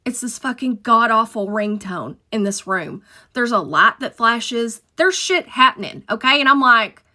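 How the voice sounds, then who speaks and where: A middle-aged woman recounting her days as a dispatcher with a fairly high, bright voice. She tells it in a dramatic, emphatic way and swears constantly, piling on loud asides as the tension builds. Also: animated, a little slow. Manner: profane, emphatic, dramatic retelling. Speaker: storyteller, former dispatcher. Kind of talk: casual storytime monologue.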